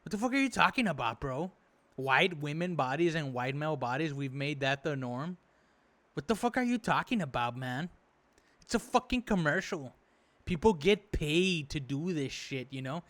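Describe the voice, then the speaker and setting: Pitched fairly high and delivered expressively, this man's fairly bright voice moves at a moderate clip. As a reaction video host, he rambles on with exasperated, indignant commentary, cursing liberally and leaning heavily on filler words.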